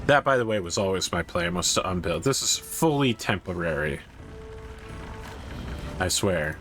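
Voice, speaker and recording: Low-voiced man chatting over gameplay. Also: brisk, soft background music. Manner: chatty, thinking aloud, rising when excited. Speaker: gaming streamer. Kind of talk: casual gameplay commentary.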